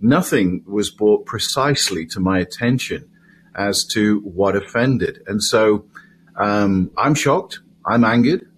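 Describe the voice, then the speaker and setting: A middle-aged man from the United Kingdom, a chaplain answering interview questions in a measured, hesitant way with many pauses. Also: fairly low pitch, slight background noise. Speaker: guest, volunteer chaplain.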